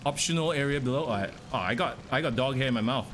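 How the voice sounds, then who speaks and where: A man's voice: mid-range voice, quick pace, a bit bright. Young male streamer, casual running commentary, faint background noise. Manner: chatty, talks to chat, reacts to the game. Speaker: game streamer.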